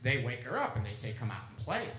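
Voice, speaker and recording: A man's voice: medium pitch, very animated, fast, fairly bright tone, a little hiss or hum. A man giving a public talk as an author, telling stories chattily and acting out the dialogue he quotes. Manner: chatty anecdotal storyteller who acts out quoted dialogue. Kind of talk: lecture with storytelling. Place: lecture room with an audience. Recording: roomy echo in a lecture room.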